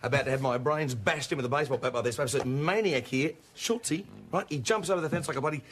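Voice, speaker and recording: An actor playing a pushy, excitable Australian small-town newspaper reporter, eager and wheedling. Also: male voice, medium pitch, fast talker, close to an everyday voice. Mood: earnest.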